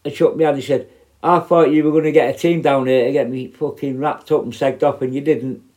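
A man's voice: mid-range voice, fairly even intonation, a little fast, a little mellow. A middle-aged man, telling prison stories in a blunt, sweary, rambling way. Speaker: former prison officer. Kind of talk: casual storytelling.

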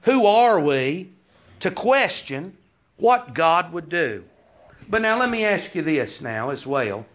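Male preacher, high animated voice, slow deliberate sermon delivery. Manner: preaching cadence, rhetorical questions, quoting scripture.

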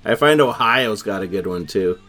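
A man's voice: lowish voice, lively intonation, moderate pace, a bit bright, soft background music. A man from Canada with a Canadian accent, a musician guest in a casual chat, easygoing and agreeable with hesitant fillers.

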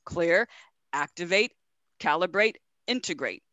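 A woman's voice: sits low, moderate pace, fairly bright tone, dry recording. Woman spiritual teacher, rhythmic repeater, dry close sound. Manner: rhythmic, repeats words, laughs often.

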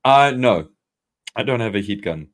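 A man's voice: fairly low pitch, animated, normal speed. A South African man co-hosting a podcast, laid-back and joking in casual chat. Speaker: podcast co-host. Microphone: desk mic on a video call.

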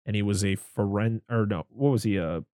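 Male co-host, lowish voice, dry close sound, swears freely, rambling enthusiastic recap. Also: fairly quick, mellow, no echo. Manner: profane, rambling, enthusiastic retelling with filler words. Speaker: podcast co-host recapping a film. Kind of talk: casual chat.

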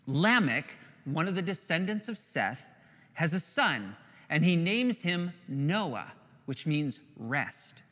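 Slow, earnest high-voiced male preacher. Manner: earnest, dramatic pauses, drops to a hush on key words. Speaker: pastor. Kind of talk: sermon. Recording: long hall reverb.

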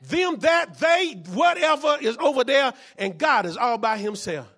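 A man preaching a sermon as pastor, often shouting and repeating phrases, calling out to the congregation for responses. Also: very high-pitched, expressive, measured pace.

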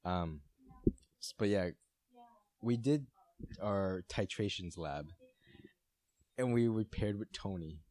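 Low-voiced young man, laughing storyteller. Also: a little mellow, dry recording. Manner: laughing, swearing, fast anecdotal storytelling. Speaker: podcast co-host. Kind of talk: casual chat.

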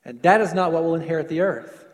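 A man preaching a sermon, stretching words for emphasis and dropping to softer closing lines. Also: on the high side, in a large hall. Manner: preaching with slowed emphasis and falling soft endings. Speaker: pastor.

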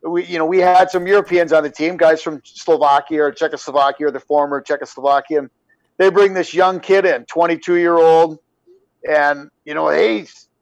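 Middle-aged guy, kinda high voice, rambly animated stories, dry sound. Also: normal speed, gravelly, dry recording, poor audio. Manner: rambling, animated when acting out anecdotes. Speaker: former pro hockey player, guest. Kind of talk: casual storytelling chat.

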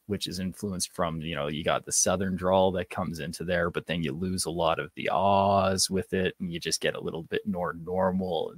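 A man's voice: deep voice, moderate pace, fairly bright tone, dry recording, clean studio sound. A Canadian man, an actor, chatting casually in an interview with a rambling manner and many fillers. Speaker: actor guest.

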